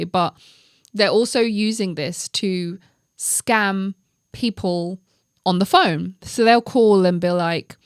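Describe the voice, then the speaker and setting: A woman's voice: fairly low pitch, no echo, clean studio sound. A woman hosting a podcast, telling stories in a casual, chatty way with playful asides. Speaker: podcast host. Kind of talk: casual solo podcast talk.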